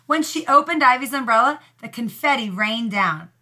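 A woman teacher reads a storybook aloud to young pupils. Her telling is expressive, with a bright voice and a lively, rising and falling pitch that sits a little high. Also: moderate pace.

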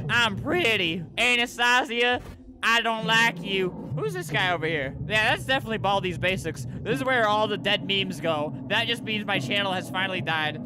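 A young man giving sarcastic gameplay commentary, with deadpan asides that break into panicked yelps. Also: high voice, normal speed, background noise. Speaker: gaming video host.

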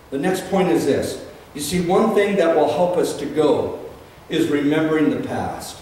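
A man preaching a sermon as pastor, telling a story that builds into fervent, shouted preaching. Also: a little high, moderate pace, hardly any pauses. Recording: echoey room, distant mic.

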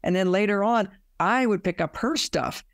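Man with a slightly high raspy voice telling relationship stories, acts out quotes, chuckles a lot. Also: moderate pace, no echo, studio quality. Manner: animated storytelling, acting out quoted lines, chuckling. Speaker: relationship author. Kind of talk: relationship advice told through personal anecdote.

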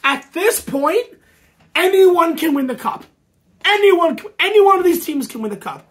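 High-voiced woman ranting about hockey. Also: moderate pace. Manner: excitable, ranting, sarcastic, often shouting. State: losing her voice from screaming. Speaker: hockey podcast host. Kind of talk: fan commentary rant.

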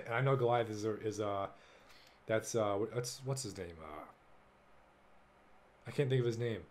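A young man hosting a casual solo podcast, excitable and full of swearing, jumping between loud bursts and low mumbles. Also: normal speed, a little hiss or hum. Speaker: podcast host.

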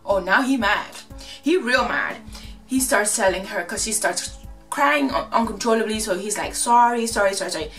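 A woman from Ghana casually recapping a reality show, sassy and animated, acting out the quotes. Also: medium pitch, normal speed, distant mic, faint music behind.

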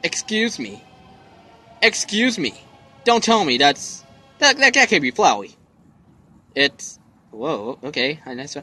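A man giving let's play commentary with excitable, loud exclamations. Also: on the high side, slow pace, pauses often. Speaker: gaming video host.

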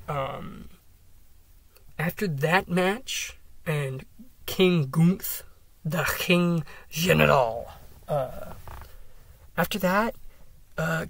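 A man's voice: a little high, creaky, a bit bright. A young man hosting a solo podcast, ranting enthusiastically with lots of swearing and filler words. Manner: enthusiastic, profane, rambling with fillers. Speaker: podcast host. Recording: dry, a bit far from the mic.

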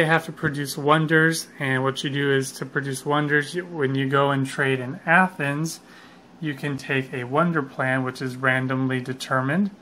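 A man's voice: mid-range voice, pushed and bright, slight background noise. A man explaining how a board game is played in a casual, unscripted way, with frequent fillers and self-corrections.

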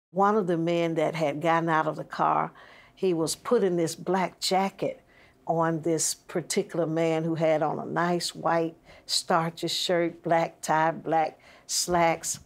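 A woman interviewee recounting a childhood memory as a vivid, detailed storyteller. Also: deep voice. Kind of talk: storytelling recollection.

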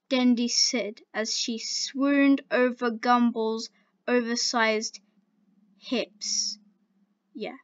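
A woman's voice: on the high side, flat delivery, extremely slow, pauses often, clear, resonant tone, dry recording. A woman casually reading fan fiction aloud, with playful, laughing asides, in a dull lo-fi home recording.

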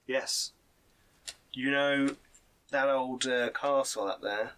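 A man's voice: medium pitch, steady tone, takes it slowly, fairly bright tone, smooth, far from the mic. A game master voicing a shady male informant in a confiding, hesitant manner. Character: shady male street informant, sly and wary. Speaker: non-player character.

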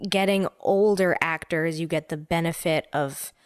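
A woman co-hosting a podcast in casual chat, talking quickly with lots of fillers and restarts. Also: low voice, smooth, no room sound, clean studio sound. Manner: animated, talks fast with many fillers and restarts. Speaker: podcast co-host.

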